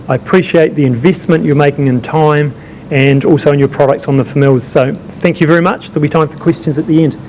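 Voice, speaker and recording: A man with a somewhat high voice, speaking to a conference audience in a loose, conversational way with fillers. A faint noise sits behind him. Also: darkish tone. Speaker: tourism market manager presenting. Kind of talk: conference presentation.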